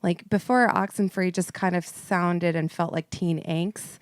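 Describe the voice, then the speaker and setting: A woman's voice: lowish voice, fairly even intonation, a little slow, smooth, dry recording, studio quality. A woman co-hosting a casual gaming podcast, talking in a chatty, rambling way. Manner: chatty, rambling, laughs easily. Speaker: podcast co-host. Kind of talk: casual chat.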